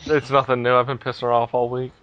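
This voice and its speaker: A man hosting a casual gaming podcast, talking in a relaxed, rambling way with lots of fillers. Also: medium pitch, quick pace, dry recording, muffled recording. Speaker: podcast host.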